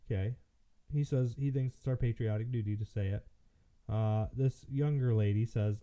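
Man from michigan, tired, rambling talk full of fillers, very dark mellow voice, dull lo-fi sound. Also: medium pitch, steady tone, moderate pace, smooth. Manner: rambling, hesitant, many fillers and restarts. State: tired, yawning. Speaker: political commentary host. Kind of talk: casual solo commentary. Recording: muffled lo-fi audio.

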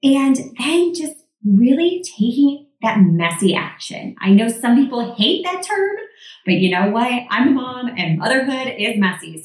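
A woman guest with a high, very animated voice shares her views in casual chat, acting out her own thoughts along the way. She sounds set back from the microphone in a roomy, echoing space. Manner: lively and upbeat, quotes her own inner talk. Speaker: podcast guest, mom and business founder. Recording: echoey room, distant from the mic.

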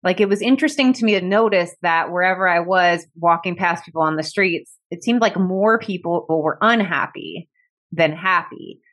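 A woman's voice: on the low side, normal speed, a bit bright. A woman telling a personal story as an interview guest, candid and reflective, with many "like" fillers and an emotional edge. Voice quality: emotional, close to tears at times. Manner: candid and reflective, heavy use of "like". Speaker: podcast guest.

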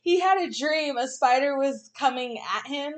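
Woman, thirties, high voice, laughing storyteller, casual chat. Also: expressive, normal speed.

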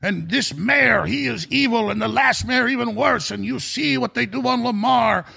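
A man putting on the voice of an agitated male shop owner, speaking insistently in a much higher pitch. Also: normal speed, pushed and bright, full character voice. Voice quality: raspy.

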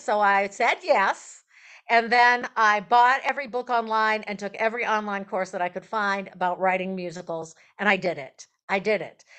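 A woman songwriter and performer, a guest on an interview show, telling stories in a chatty, animated way and laughing as she goes. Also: a little high. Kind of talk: casual interview storytelling.

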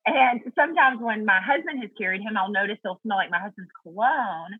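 A woman's voice: mid-range voice, brisk, slightly rough, no room sound, phone-quality sound. A woman guest talking earnestly and thoughtfully about Bible study in a casual faith chat, laughing easily.

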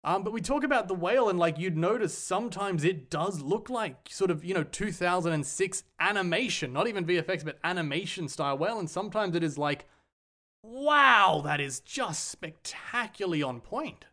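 Australian man, film review chat, enthusiastic, thinking aloud, slightly high pitch. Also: fairly quick, hardly any pauses, a bit bright. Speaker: podcast co-host.

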